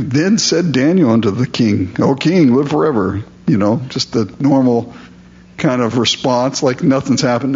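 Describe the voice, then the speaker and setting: A man preaching a sermon, reading scripture aloud and then explaining it in a relaxed, conversational way. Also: mid-range voice, moderate pace, breathy edge, dull audio. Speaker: pastor.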